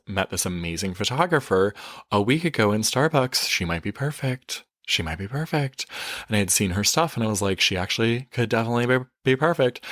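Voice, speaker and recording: A man working as a life coach, telling a story in a chatty, expressive way, swearing now and then and correcting himself mid-sentence. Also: fairly low pitch, no echo, clean studio sound. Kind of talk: casual storytelling monologue.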